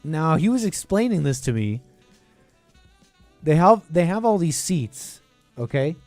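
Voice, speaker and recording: A man's voice: a little high, very animated, measured pace, a little mellow, no room sound, faint music behind. A man hosting a call-in show, talking casually and rambling, with frequent chuckles and trailing thoughts.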